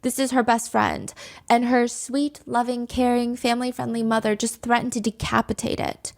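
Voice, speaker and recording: A woman's voice: fairly high pitch, flat delivery, normal speed, vocal fry. A woman hosting a reaction commentary show, speaking in an indignant, sarcastic, conversational way. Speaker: commentary host.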